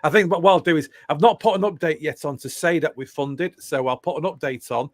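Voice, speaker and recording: A man's voice: fairly high pitch, fairly quick, no echo. A man guest on a podcast who jokes around and repeats words as he talks. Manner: joking, repeats himself. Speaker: podcast guest, setting creator. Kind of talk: casual podcast chat.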